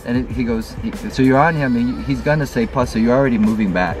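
A man chatting casually outdoors in a car, relaxed, talking through how to shoot a scene. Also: medium pitch, fast, over music. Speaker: guest actor. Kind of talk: casual chat, planning a scene. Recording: voice a bit far from the mic.

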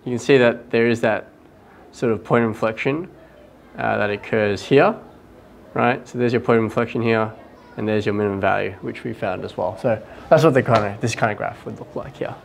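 Gravelly man talking through a lesson. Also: fairly low pitch, steady tone, brisk, slight background noise. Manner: thinks aloud, often checks with "right?". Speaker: math teacher. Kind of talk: casual lesson talk-through.

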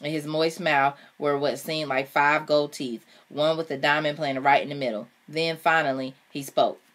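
A woman reading a novel aloud in first person, in a steady storytelling manner. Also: low voice, moderate pace. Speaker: audiobook reader.

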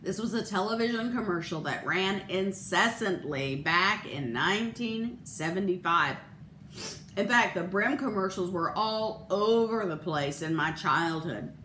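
A woman pastor preaching a sermon and telling a story in an expressive, measured way. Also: mid-range voice, roomy sound, a little hiss or hum.

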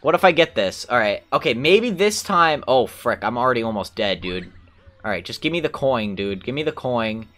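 With game music and slight background noise behind him, a young man of medium pitch and moderate pace commentates his video game playthrough casually. He gets excitable, chats with the characters, hums along and swears mildly.

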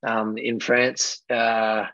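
Gravelly Australian man spinning yarns. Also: fairly low pitch, monotone, drawn-out words, a bit bright, no room sound. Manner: laughing, rambling anecdotes. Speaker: guest rugby player. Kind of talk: casual storytelling. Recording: dull, dry lo-fi audio.

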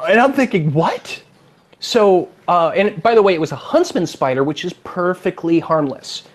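A man's voice: high voice, normal speed. A man from California with a Californian accent, a game designer chatting as an interview guest and acting out the people in his stories. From California, USA. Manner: animated storyteller, acts out quotes. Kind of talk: casual interview chat.

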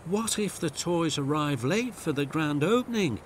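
A man's voice: a little high, animated, moderate pace, a little hiss or hum, pitched above the performer's own voice, close to an everyday voice. A man voicing an eager little male tank engine, puffing and earnest, in a storybook reading.

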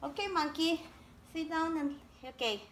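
A woman teaching a preschool class by video, talking slowly and cheerfully in a sing-song way to small children. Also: very high-pitched, slight background noise.

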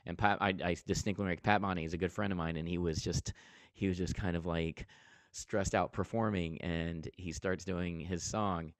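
Deep-voiced man telling a story. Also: fairly even intonation, moderate pace, dry recording. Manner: earnest storytelling with frequent restarts. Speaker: interview guest, comedian and TV host. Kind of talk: casual interview talk.

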